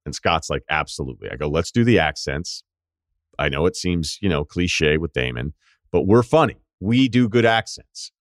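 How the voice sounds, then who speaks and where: Deep-voiced man telling animated stories. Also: normal speed, no echo, clean studio sound. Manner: animated, profane, rambling anecdotes. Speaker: podcast host. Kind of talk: casual storytelling.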